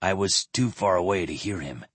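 A man reads as a grave, worried squire in a storybook reading, his voice dropped low and quiet. The tone is husky and breathy, close and dry with no room around it. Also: normal speed, no room sound.

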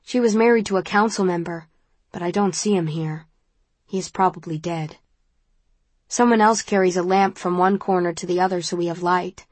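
A woman narrating an audiobook in the first person, measured and intimate. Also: lowish voice, fairly even intonation, a little mellow, dry recording.

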